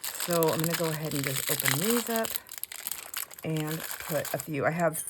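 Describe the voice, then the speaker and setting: A middle-aged woman hosting a casual crafting vlog. She chats warmly to viewers, gushing and laughing, with frequent restarts. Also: sits low, expressive, moderate pace, heavy background noise. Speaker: craft channel host.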